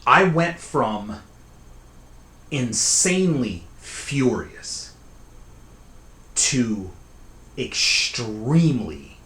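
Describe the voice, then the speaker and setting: A man telling his own scary story in a casual, conversational way, often pausing to ask "okay?". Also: medium pitch, a bit bright, reverberant. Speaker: storyteller host. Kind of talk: casual spoken horror storytelling.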